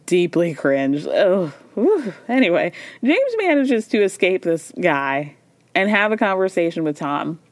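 Woman podcast host, gossipy and blunt, acts out quotes; mid-pitched voice, dry close sound. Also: very animated, unhurried, no echo. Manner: blunt, swears casually. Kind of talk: casual solo recap podcast.

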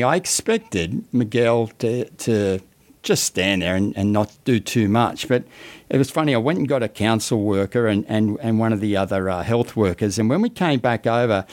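A man's voice: medium pitch, a little mellow. A middle-aged Australian man hosting a podcast, telling a story in casual chat with many restarts and fillers. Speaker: podcast host.

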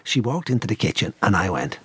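A middle-aged Irish man on a podcast, telling a long animated family story and acting out the voices of the people in it. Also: low-pitched, fast talker, breathy edge, no room sound, studio quality. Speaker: podcast co-host. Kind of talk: casual storytelling chat.

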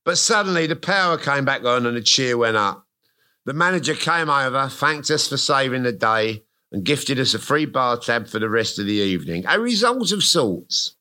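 A bright-toned man reads his own memoir aloud on a venue stage. His telling is wry and comic, full of self-mocking asides, and his voice stays at a middling pitch. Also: sing-song, moderate pace. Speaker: guest author. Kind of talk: reading his memoir aloud to a live audience. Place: live music venue stage.

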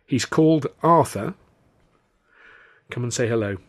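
A man voicing a gentle young mother in an audiobook reading. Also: mid-range voice, expressive, a little slow.

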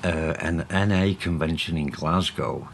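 Deep-voiced middle-aged Mancunian man, blunt and sweary, faint hiss behind. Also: measured pace, gravelly. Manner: blunt, sweary, laughs while telling stories. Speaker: co-host. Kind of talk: candid conversational podcast.

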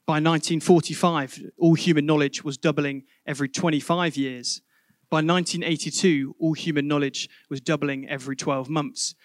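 A man preaching a sermon, telling a vivid story that swells loud and drops to a hush. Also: fairly high pitch, no echo, studio quality. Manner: vivid storytelling, building to loud climaxes then dropping to a hush.

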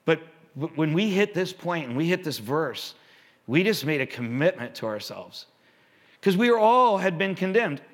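A man preaching a sermon in a conversational, animated way, asking the congregation rhetorical questions. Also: a little high, normal speed. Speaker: pastor.

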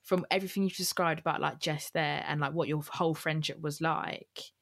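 A woman's voice: sits low, fairly even intonation, brisk, gravelly, fairly bright tone. A woman hosting a podcast, asking long, searching questions with many fillers. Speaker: podcast host. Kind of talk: conversational interview.

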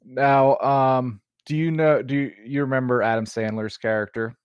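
A man's voice: mid-range voice, fairly even intonation, normal speed, clear, resonant tone, no echo, muffled recording. Rambling, laughing male podcast host. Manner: rambling storyteller, laughs often. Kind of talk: casual chat.

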